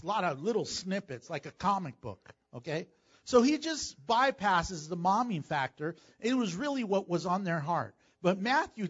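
Male pastor, high lively voice, sermon with acted-out voices, dull muffled recording. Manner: animated, acts out voices of people in the story, laughs often.

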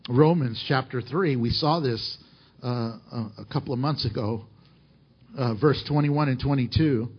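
A man's voice: medium pitch, measured pace, husky, dull audio. A man preaching a sermon, emphatic and full of rhetorical questions to the congregation. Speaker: pastor.

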